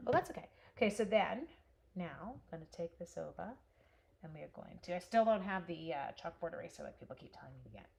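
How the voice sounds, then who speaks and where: A woman in her thirties hosts a live stamping demo from her craft room. She speaks at a middle pitch and chats easily with viewers as she works. A faint hiss sits behind her voice. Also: a little mellow. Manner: chatty, talks to viewers and answers their comments. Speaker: host demonstrating card stamping.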